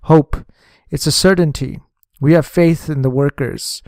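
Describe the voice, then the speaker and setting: A man's voice: fairly high pitch, fairly even intonation, normal speed, a little mellow, no echo, studio quality, lightly acted. A man reading a hot-tempered communist official. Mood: insistent. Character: insistent, irritable male communist official.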